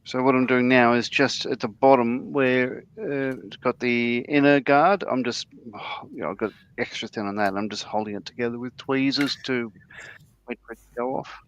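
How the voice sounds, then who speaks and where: A man's voice: medium pitch, moderate pace, muffled recording, slight background noise. A man on a casual model-building livestream who talks through his build steps and pokes fun at his own mistakes. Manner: self-deprecating, explains his build steps. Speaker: co-host building a model kit.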